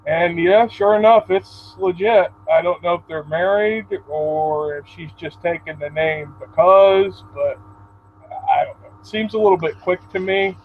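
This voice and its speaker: A man's voice: high-pitched, unhurried. A man chatting as a guest on a stream, laid-back and profane, often stammering on his first words. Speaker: call-in guest. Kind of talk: casual chat. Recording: muffled call audio with faint air-conditioner hum.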